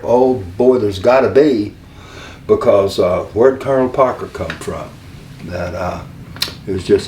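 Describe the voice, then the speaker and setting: An older man, a wrestling manager, telling stories in an interview, halting and rambling and acting out the voices of the people he quotes. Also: medium pitch, darkish tone. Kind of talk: storytelling interview. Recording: roomy room, mic a little far, faint noise.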